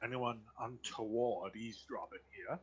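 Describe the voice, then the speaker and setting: A man voicing a formal, courteous male butler in a video game, speaking slowly and stiffly. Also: medium pitch, fairly even intonation, lo-fi sound, slight background noise, pitched below the performer's own voice, natural voice.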